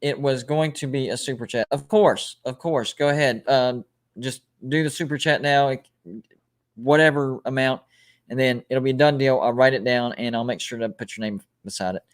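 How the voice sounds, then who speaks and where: A man runs a relaxed sports livestream at a middle pitch. He talks casually, rattles through ranked lists and reads viewer comments aloud, often stopping to restart a phrase. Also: normal speed. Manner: rambling, self-correcting, reads out ranked lists. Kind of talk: casual live-stream chat, reading viewer comments.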